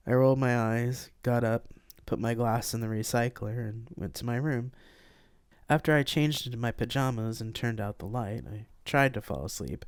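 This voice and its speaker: An author narrating a first-person space opera, live-streamed, expressive reading. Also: mid-range voice, no echo, studio quality. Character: reluctant young man, self-effacing.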